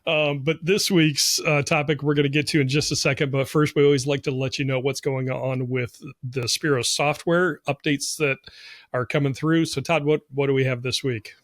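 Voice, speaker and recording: A man co-hosting a podcast, easygoing and quick to laugh, sometimes stumbling over his words. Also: mid-range voice, fairly even intonation, no room sound, studio quality. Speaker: podcast co-host. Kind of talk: casual podcast chat.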